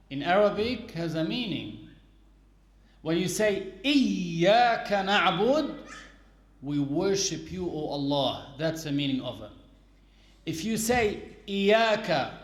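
Slow, high-voiced man teaching. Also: reverberant. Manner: patient, explanatory, repeats key points. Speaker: Islamic teacher. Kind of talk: religious lesson.

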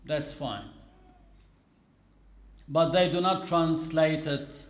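Slow-spoken man teaching in an echoey room. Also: fairly high pitch. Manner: deliberate, explaining with everyday examples. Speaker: Islamic teacher. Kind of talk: religious lesson.

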